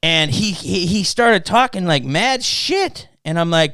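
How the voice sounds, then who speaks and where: Profane storytelling man, slightly high voice. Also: unhurried, few pauses, no room sound, clean studio sound. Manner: profane, animated storytelling that acts out quoted exchanges. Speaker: podcast host. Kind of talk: casual chat.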